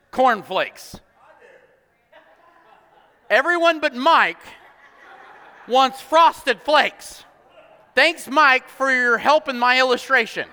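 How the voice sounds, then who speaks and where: A man's voice: extremely high pitch, sharp tone, clear, resonant tone. A man preaching a sermon, telling the story playfully with quoted voices and jokes. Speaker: pastor. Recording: long hall reverb.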